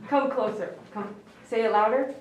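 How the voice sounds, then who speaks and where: A woman dog groomer on a live stream, talking softly and emotionally to a dog while she grooms it. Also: fairly high pitch, moderate pace. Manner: soft, emotional, coaxing talk to a dog. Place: grooming room. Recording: roomy sound from a distance over faint noise.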